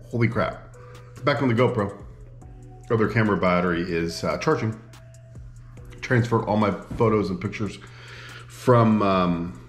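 In an echoey room, a man with a Midwestern American accent and a fairly low voice chats to his camera for a casual vlog. His talk is rambling and self-mocking.

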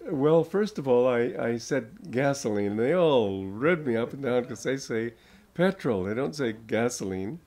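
A man's voice: medium pitch, animated, a little mellow. An older American man, a spiritual teacher, giving an informal talk to an audience, telling stories and laughing often as he goes. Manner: slow, chuckling storyteller.

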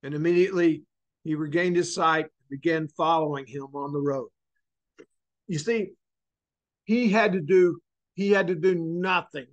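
High-pitched guy teaching bible study at church, earnest, stretches and repeats words for emphasis. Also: dull audio.

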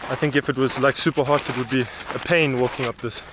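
A man talks casually to his camera as he hikes up a mountain path, sounding worn out from walking. His voice sits in a middle register, and loud outdoor noise runs under everything he says. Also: medium pitch, fairly even intonation, fast talker. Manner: chatty, talks to viewers and companion. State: tired from walking. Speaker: travel vlogger. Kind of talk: casual vlog narration while hiking. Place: outdoors on a volcano path and tourist stalls.

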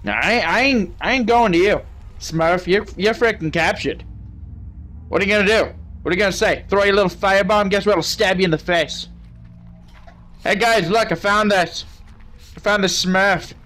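A man's voice: sits high, moderate pace, long pauses, fairly bright tone. A young man playing a game and commenting with crude, joking banter, talking to the characters on screen. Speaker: gaming channel host.

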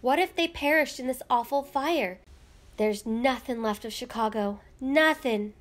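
A woman voicing a frightened little immigrant girl in a storybook, high and tearful. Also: expressive, unhurried.

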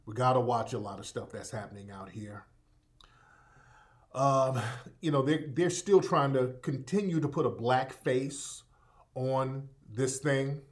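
A man's voice: medium pitch, unhurried. Man, live broadcast host, casual and repetitive, mid-range voice. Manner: loose, repetitive, addresses listeners as family. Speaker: radio show host.

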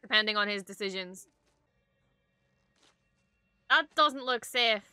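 Bright excitable young woman streamer. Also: mid-range voice, takes it slowly, clear, resonant tone, no echo, clean studio sound, soft background music. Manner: excitable, swears freely, gushing. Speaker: reaction streamer. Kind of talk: casual reaction commentary. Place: home streaming desk setup.

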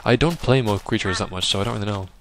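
A man giving rambling, casual let's-play commentary over a game, now and then yelping loudly at what happens. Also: fairly low pitch, fast, slight background noise. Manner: chatty, rambling, bursts into loud yelps at the game. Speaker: gaming video host.

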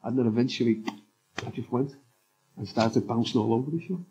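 A man's voice: medium pitch, fairly quick, warm tone, lo-fi sound, slight background noise. A man, a writer and former police officer, speaking as a guest in a live on-stage interview, telling candid, rambling stories full of "you know"s. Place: live summit stage before an audience.

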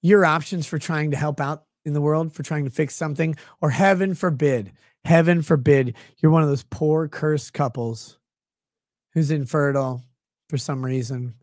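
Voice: mid-range voice, normal speed, a little mellow, no echo. Sarcastic, swearing livestream ranter, dry sound. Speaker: livestream commentator. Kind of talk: profane comedic rant.

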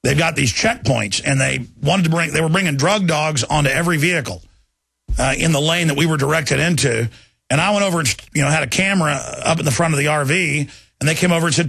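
Gravelly combative talk radio host man. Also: a little high, a bit bright, no echo. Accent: Texan. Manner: combative, rapid, repeats himself. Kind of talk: talk radio monologue and call-in. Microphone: studio microphone.

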